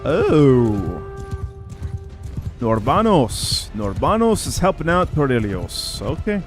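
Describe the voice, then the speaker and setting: A man's voice: medium pitch, sing-song, takes it slowly, soft background music. A man streaming gameplay live, chatting with viewers in an opinionated, talkative way.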